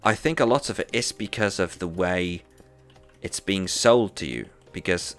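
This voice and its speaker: A man's voice: low voice, moderate pace, a bit bright, faint music behind. A man live streaming a game and chatting casually with viewers, rambling and restarting his sentences often. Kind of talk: casual chat while gaming.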